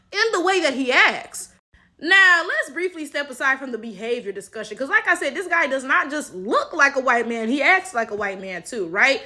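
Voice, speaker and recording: A woman's voice: sits high, bright, forceful tone. A woman hosting reaction commentary, emphatic and sarcastic, tagging points with questions. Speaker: commentary channel host.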